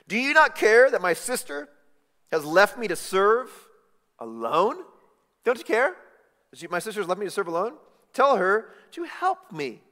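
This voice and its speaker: Male preacher acting a fed-up woman, high and loud, pleading complaint, echoing hall. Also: sing-song, moderate pace, full character voice. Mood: exasperated. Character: exasperated woman complaining she serves alone. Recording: long hall reverb.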